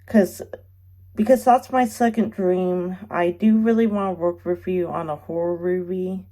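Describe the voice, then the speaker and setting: A young woman speaks a heartfelt goodbye straight to the camera, her voice sitting a little low. She is close to tears, sighing often and stumbling through restarts as she tries to get the words out. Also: mellow. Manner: halting, tearful, many restarts and sighs. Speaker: fan vlogger. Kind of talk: emotional farewell message to camera.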